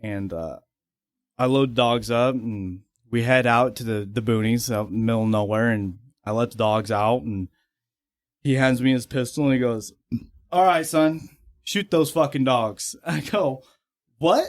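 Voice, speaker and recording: A man's voice: medium pitch, measured pace, no room sound. A young man, a podcast guest, telling casual stories, swearing freely and laughing as he talks. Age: young adult. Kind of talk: casual storytelling.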